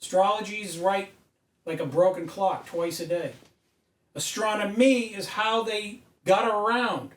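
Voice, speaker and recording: A man's voice: high voice, fairly even intonation, a little slow. A man giving an emphatic, preachy lecture at a whiteboard, recorded by a camera mic from a distance in an indoor room. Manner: emphatic, preachy, rising to loud insistence. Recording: echoey room, mic far off.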